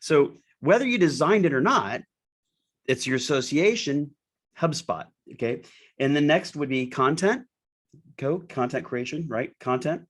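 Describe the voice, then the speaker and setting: A man hosting an interview, thinking aloud as he builds up a long question piece by piece, his pitch jumping up on the key words. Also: expressive, unhurried. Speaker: podcast host. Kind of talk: conversational interview.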